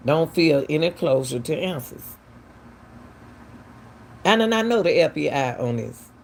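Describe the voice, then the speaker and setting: A woman's voice: deep voice, animated, measured pace, a little hiss or hum. A woman, hosting casual true-crime commentary, talking emphatically and firing off repeated, incredulous questions. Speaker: commentary channel host.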